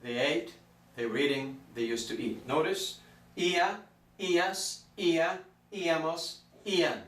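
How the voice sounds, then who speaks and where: Man, slightly high voice, patient grammar teacher, recorded from a distance in a roomy space. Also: takes it slowly, a bit bright. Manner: patient, stretches out example words. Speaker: Spanish teacher. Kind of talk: explanatory lesson. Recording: echoey room from far off.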